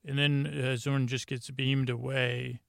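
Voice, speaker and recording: A podcast host talks a little slowly in a creaky, flat, medium-pitched voice, captured with clean studio sound and no room noise. On his bedtime show he rambles through an episode recap, restarting often and filling gaps, and retells scenes casually with "he goes."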